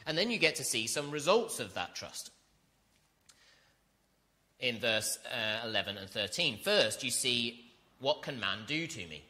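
A man's voice: mid-range voice, very animated, a little slow, pauses often, pushed and bright. A man preaching an earnest sermon, reading scripture and building to emphatic repetition.

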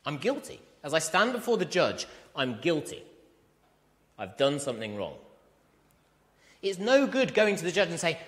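Animated male preacher in a reverberant hall. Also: medium pitch. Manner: animated, emphatic, asks the congregation questions. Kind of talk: sermon.

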